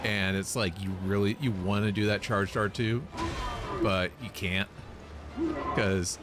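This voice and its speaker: A man casually commenting on his gameplay run, relaxed and rambling with lots of fillers. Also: lowish voice, a little slow. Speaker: gamer explaining his run. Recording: voice over loud game music.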